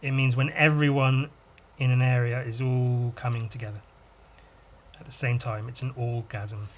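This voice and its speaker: A man chatting casually through a drawing podcast, talking to himself as he works. His delivery is loose and rambling, full of crude asides and self-mocking jokes, with a middling pitch. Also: level tone, moderate pace. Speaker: podcast host and illustrator.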